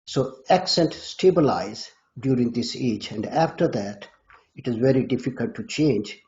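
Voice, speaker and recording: A man explaining a scholarly topic in a measured, lecturing way, sometimes restarting words. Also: mid-range voice, expressive, a little mellow. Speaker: guest expert. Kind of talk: academic explanation. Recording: dull lo-fi audio.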